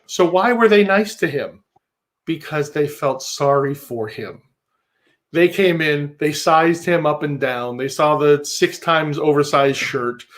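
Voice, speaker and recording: A man with a fairly high voice rants sarcastically as he riffs on a clip for a livestream. His delivery is mocking and loose, and he slips into impressions of other people. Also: unhurried, fairly bright tone. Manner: sarcastic, ranting, acts out voices. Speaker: livestream co-host. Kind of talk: mocking comedic commentary.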